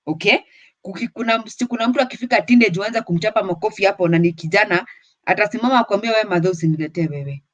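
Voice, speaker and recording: A woman's voice: mid-range voice, fast talker, no room sound, low-quality recording. A woman with a Kenyan accent giving firm parenting advice on a talk show. She switches between English and Swahili.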